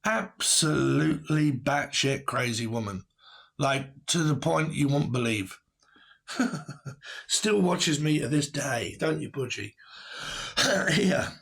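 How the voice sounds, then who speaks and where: A man's voice: medium pitch, animated, takes it slowly, gravelly, a bit bright, breathy edge. A man giving a casual tarot reading to camera, blunt and rambling, who swears and laughs often. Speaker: tarot reader.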